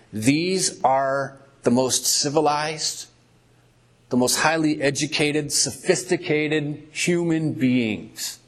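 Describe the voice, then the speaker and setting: Emphatic male preacher reading scripture. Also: medium pitch. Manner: emphatic, vivid storytelling with drawn-out words.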